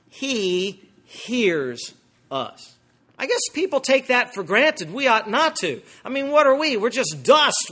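A man preaching from the pulpit in a high, bright voice. He works through a Bible passage with rhetorical questions. He swings from emphatic peaks to quiet, low asides. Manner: emphatic, wide swings in pitch and loudness. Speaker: pastor. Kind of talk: sermon.

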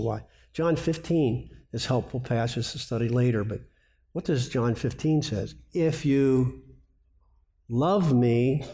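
A man's voice: medium pitch, mellow. A man giving a sermon-style teaching talk, asking the audience questions and answering them himself. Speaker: speaker on biblical counseling.

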